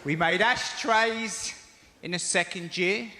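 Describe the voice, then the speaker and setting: High-voiced Cockney comedian in an echoey theatre. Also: male voice, slow pace. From East End of London. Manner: animated storytelling with acted-out voices. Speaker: stand-up comedian. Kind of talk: stand-up comedy. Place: large theatre stage. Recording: echoey theatre, loud noise. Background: audience laughter.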